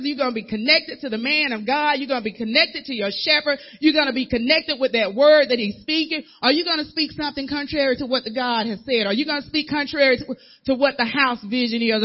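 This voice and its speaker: A woman's voice: sits high, lo-fi sound. A woman minister preaching a sermon in an emphatic, repetitive way, slipping into casual dialect as she acts out other people's voices.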